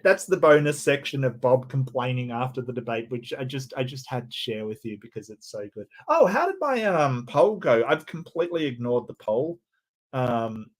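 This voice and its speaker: A man hosting a debate review, talking in casual, sarcastic commentary with laughing asides. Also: medium pitch.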